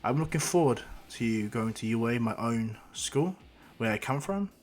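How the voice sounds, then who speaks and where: A man's voice: mid-range voice, lively intonation, moderate pace, lightly acted. A man voicing a boisterous adult superhero mentor who keeps calling the boy kid. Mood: hearty. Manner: hearty, calls everyone kid.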